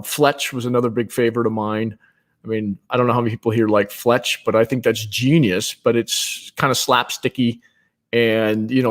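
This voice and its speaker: A man who works as a marketing executive, a guest on a live video chat, giving candid and opinionated views with some self-deprecation. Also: medium pitch. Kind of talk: casual video chat interview.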